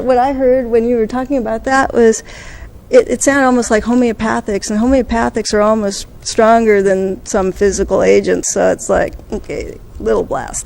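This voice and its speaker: A woman giving a conference talk, telling a story and acting out the quoted dialogue with lively energy. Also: fairly high pitch, gravelly. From United States. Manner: animated, acts out quoted dialogue. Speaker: conference speaker.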